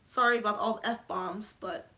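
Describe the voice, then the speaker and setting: A young woman recapping a movie on a live stream, rambling and swearing freely, with sudden excited shouts. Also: medium pitch, normal speed. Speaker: vlogger.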